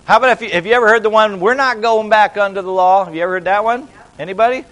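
A middle-aged man preaching a sermon, telling a lively story and asking the congregation questions in a church. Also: high-pitched, rapid-fire. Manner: animated storytelling, talks to the congregation.

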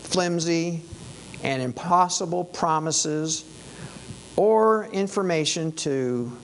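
Give me a man preaching a sermon, wry and emphatic, with a gravelly, slightly worn voice. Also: on the high side, slow, a little hiss or hum, rough recording. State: losing his voice.

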